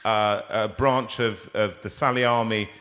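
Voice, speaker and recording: A man's voice: on the low side, steady tone, measured pace, fairly bright tone. A man hosting a live-streamed chat, jovial and rambling, often breaking off mid-sentence. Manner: jovial, rambling, self-interrupting. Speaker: host.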